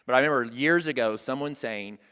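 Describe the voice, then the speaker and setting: A man's voice: medium pitch, brisk, sharp tone, clean tone. A man in his sixties giving an earnest, conversational teaching talk at a church workshop, often restarting his phrases. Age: 60s. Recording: long reverb of a hall.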